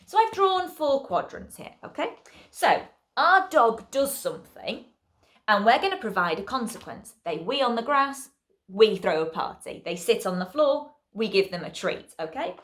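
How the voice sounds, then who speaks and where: Woman trainer, upbeat teacher, high and animated, talks students through it. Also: normal speed. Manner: lively, chatty explaining with checking "okay?". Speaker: dog trainer. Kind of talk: online class teaching.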